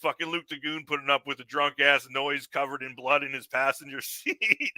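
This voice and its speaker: A man's voice: medium pitch, normal speed, bright, forceful tone, dry recording, rough recording. A man with a Canadian accent hosting a podcast in casual chat, swearing freely and laughing often as he rambles through stories. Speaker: podcast host.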